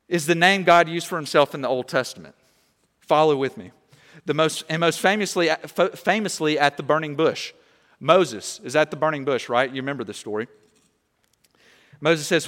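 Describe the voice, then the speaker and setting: A young man preaching a sermon, animated and conversational, often checking in with "okay?". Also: medium pitch, measured pace, pauses often, long reverb tail. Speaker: pastor.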